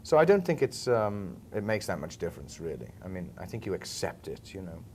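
A man's voice: sits low, sing-song, fairly quick, darkish tone, slight background noise. A man, telling stories as a film actor being interviewed, chatty and chuckling now and then. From England, Liverpool. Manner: chatty storyteller, often chuckling. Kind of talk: relaxed interview chat.

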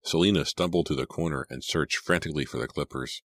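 A man narrating a horror audiobook in a measured, suspenseful read on a close mic. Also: rumbling low, a bit bright.

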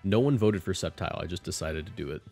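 A man's voice: low-pitched, animated, quick pace, a little mellow, faint music behind. A man casually commentating his own competitive game, joking and self-mocking with bursts of laughter. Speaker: streamer playing competitive battles. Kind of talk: casual commentary over gameplay.

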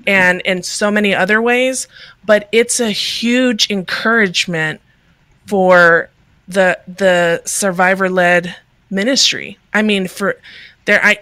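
A woman's voice: medium pitch, pushed and bright, dry recording. A woman guest on a video-call interview, talking earnestly and conversationally with many fillers. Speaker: guest, ministry leader.

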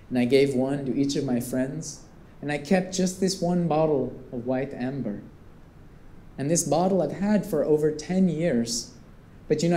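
A man performing a theatrical storytelling monologue, animated and swinging between hushed and excited tones. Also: fairly high pitch. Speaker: performance artist. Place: performance space with live visitors. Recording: roomy echo.

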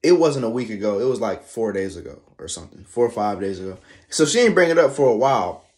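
A man's voice: lowish voice, sing-song, a little mellow. Rambling man telling a story. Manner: halting, many restarts, slangy fillers. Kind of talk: casual spoken anecdote.

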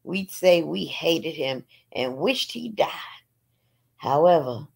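A woman reading a novel aloud in an unhurried storytelling manner, with small asides. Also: sits low, sing-song, creaky, darkish tone, slightly rough. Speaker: audiobook reader.

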